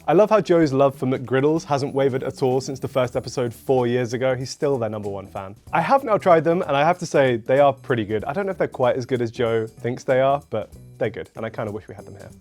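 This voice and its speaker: British male food host, dry and measured, mid-pitched voice, soft music bed. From United Kingdom. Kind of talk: casual food review narration.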